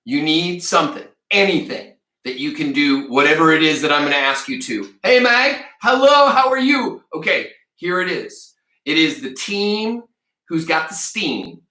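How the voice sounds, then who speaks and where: Male teacher, live read-aloud lesson, bright forceful voice, roomy echo. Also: a little high, normal speed. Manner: energetic, chatty, addresses the chat audience. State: a little out of breath.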